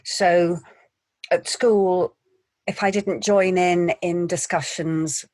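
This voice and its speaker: A woman, an actor, telling stories in a quiet, measured way in an interview. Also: on the low side, steady tone, no echo. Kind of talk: interview answers.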